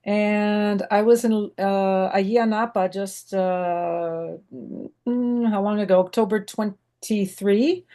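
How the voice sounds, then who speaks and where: An audience member in an online Q&A, this American woman speaks slowly in a warm, medium-pitched voice with fairly even intonation. Her question over the video call is long, rambling, enthusiastic, and packed with fillers.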